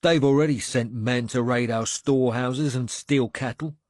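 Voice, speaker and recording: A man's voice: medium pitch, steady tone, normal speed, a little mellow, no room sound, studio quality, voice pushed up, close to an everyday voice. A man voicing a guarded elderly farmer who greets travellers with a sword in hand. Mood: eager. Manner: wary, then welcoming.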